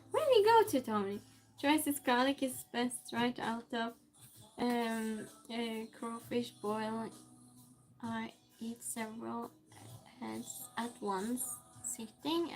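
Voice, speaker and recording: Her voice sits on the high side with a creaky quality as this woman streamer cooks and chats casually. Reading out viewer comments, she responds with frequent laughter and teases the chat.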